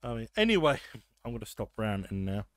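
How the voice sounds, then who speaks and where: A man's voice: lowish voice, big pitch swings, no echo. Podcast host, man, ranty and sweary, dry close sound. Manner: ranting, swearing, quick asides. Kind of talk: casual football chat.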